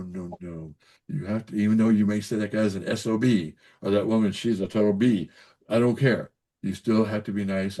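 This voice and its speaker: An older man speaks in a low voice, offering blunt parenting and health advice. He talks in a folksy, emphatic way, repeating words and checking in with the listener as he goes. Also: dark tone, breathy edge. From Kentucky. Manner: folksy, repetitive, emphatic with frequent "so anyways" and "okay?". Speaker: pediatrician guest. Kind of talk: casual advice-giving interview.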